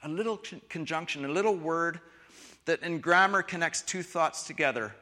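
A man preaching a sermon, switching between quiet reflective lines and loud, emphatic ones. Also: a little high, moderate pace. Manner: expressive, shifts from soft to loud emphasis. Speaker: pastor. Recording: long hall reverb.

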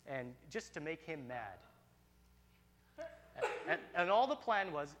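A man telling a personal story in an animated, excitable way, with frequent restarts. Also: fairly high pitch.

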